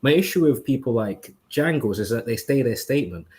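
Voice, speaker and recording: Guy on a chat panel, middle pitch, keeps doing mocking impressions. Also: animated, brisk, a little mellow, breathy edge. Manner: mocks others with quoted impressions. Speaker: podcast panelist. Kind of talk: casual chat.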